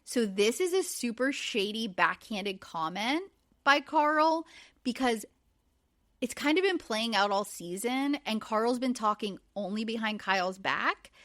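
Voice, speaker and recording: A woman's voice: fairly high pitch, a little slow, no echo, clean studio sound. A woman in her forties, a podcast host, recapping in casual chat with lots of fillers. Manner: chatty, animated, many fillers.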